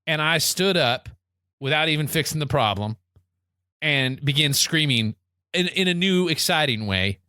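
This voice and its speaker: Bright, rambling comic man. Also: a little high, lively intonation, moderate pace, clean tone, no echo, clean studio sound. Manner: rambling, exaggerated comic storytelling. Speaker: podcast co-host. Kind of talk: casual comedic chat.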